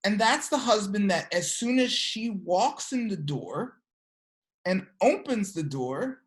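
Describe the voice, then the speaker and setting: A woman's voice: medium pitch, animated, slow pace. A woman teaching a class, telling a story and checking in with her students with frequent "okay?" questions. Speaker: teacher of an energy work class.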